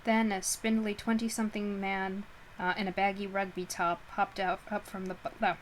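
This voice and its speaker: A woman's voice: medium pitch, flat delivery, moderate pace, slight background noise, low-quality recording. A woman reading a novel aloud in a casual, homemade narration, often stumbling, correcting herself and chatting between passages. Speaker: audiobook reader.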